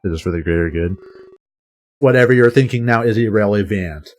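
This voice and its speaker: A man voicing a cold, mocking villain who speaks over a loudspeaker, with slow deliberate phrasing. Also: fairly low pitch, close to an everyday voice. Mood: taunting.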